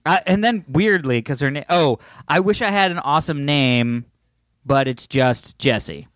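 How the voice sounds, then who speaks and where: A man co-hosting a podcast in casual chat, reading listener emails aloud, laughing often and breaking into yelling. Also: fairly high pitch, expressive, moderate pace, no echo, clean studio sound. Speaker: podcast co-host.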